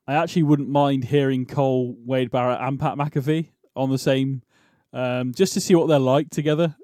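A man's voice: medium pitch, dark tone, dry recording, clean studio sound. A man co-hosting a casual wrestling podcast, rambling and restarting as he talks. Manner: rambling, restarts and laughs a lot. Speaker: podcast co-host. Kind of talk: casual chat.

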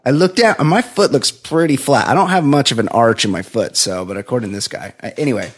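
A man co-hosting a podcast, telling a long rambling story in casual chat and dropping into a low flat voice to mimic others. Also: fast talker, slightly rough. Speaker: podcast co-host.

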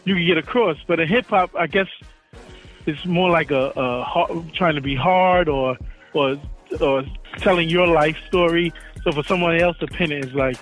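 A man in casual chat who puts his points forward calmly, often stammering before he gets going. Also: a little high, faint music behind, poor audio. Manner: measured, stammers at the start of points. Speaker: podcast co-host.

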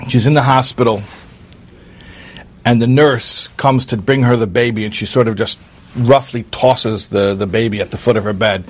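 A man telling a true story aloud in an earnest, halting way, with fillers and restarts. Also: mid-range voice. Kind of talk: spoken storytelling.

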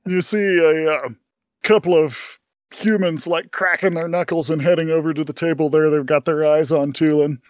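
A man narrating as game master of a tabletop game, relaxed and improvising. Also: on the high side, moderate pace, dry recording, clean studio sound.

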